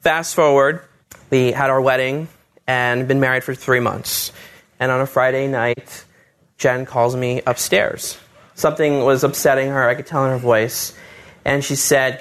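A man telling his own story live on stage, easygoing and wry, building up to punchlines in a calm, collected way. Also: mid-range voice, a little slow, clear, resonant tone. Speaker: storyteller, husband of a patient.

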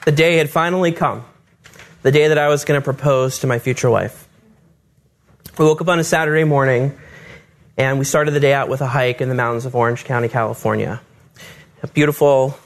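A man telling his own story live on stage, easygoing and wry, building up to punchlines in a calm, collected way. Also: medium pitch. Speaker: storyteller, husband of a patient.

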